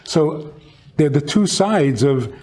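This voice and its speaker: A man's voice: lively intonation, slow, darkish tone. A man, a rabbi, teaching in conversation, reflective and fond of telling stories, raising his voice when he acts out quotes. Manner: storytelling, reflective, acts out quotes with raised pitch.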